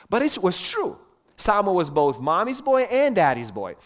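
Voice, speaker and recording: A middle-aged man preaching a sermon, telling stories in an emphatic, animated way. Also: high-pitched, moderate pace.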